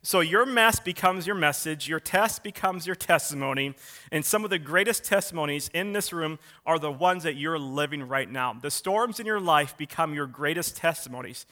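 Male pastor, high bright voice, casual storytelling sermon, lively on quoted lines. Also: normal speed. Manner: animated, acts out quotes in a raised voice; loose, conversational with restarts.

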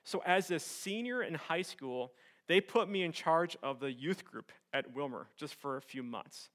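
A young man preaching a sermon as pastor, telling a personal story with animated swings from loud excitement to soft earnest tones. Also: fairly high pitch, unhurried.

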